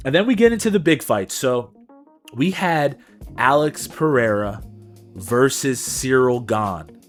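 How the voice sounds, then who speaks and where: Young man, podcast co-host, slangy, lively pitch, sound-effect punches, faint guitar music behind. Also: unhurried. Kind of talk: casual sports recap chat.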